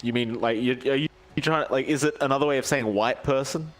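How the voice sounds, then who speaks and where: A man's voice: mid-range voice, fast talker. Teasing, playful male caster. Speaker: esports caster. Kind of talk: casual chat between casters on a live stream.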